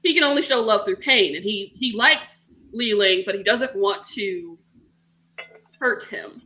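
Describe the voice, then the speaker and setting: Bright-voiced young woman retelling a story. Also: mid-range voice, a little slow. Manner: animated retelling with swearing and acted-out quotes. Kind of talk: casual chat.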